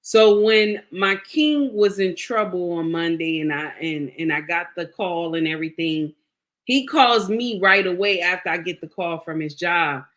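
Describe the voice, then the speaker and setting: Her voice is on the low side, a bit bright and unhurried as this middle-aged vlogger relates a personal story. She addresses viewers directly, casual and emphatic, repeating phrases along the way.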